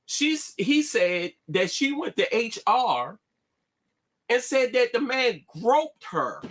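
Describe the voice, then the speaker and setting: A man talking, animated, often restarting and asking "you see what I'm saying". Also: very high-pitched, takes it slowly. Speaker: vlogger. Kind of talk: casual live-stream monologue.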